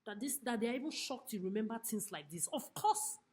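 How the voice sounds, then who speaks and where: A woman's voice: a little high, sing-song, a little fast, darkish tone. A woman delivering an angry, accusatory monologue to camera from a chair in a homeless shelter, cursing and repeating herself. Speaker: vlogger. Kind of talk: angry direct-to-camera rant.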